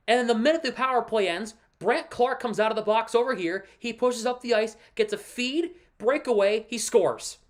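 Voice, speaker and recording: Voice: medium pitch, normal speed, few pauses. A livestream host and devoted hockey fan giving casual, emphatic commentary, walking viewers through a play on screen and ranting about the team's losses.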